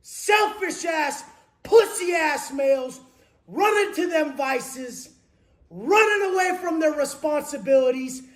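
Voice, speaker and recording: A man delivers a motivational rant in a very high, strained register, swearing constantly and taunting the listener. He often breaks into shouting. The recording has a roomy echo. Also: animated, takes it slowly. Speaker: motivational speaker. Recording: echoey room.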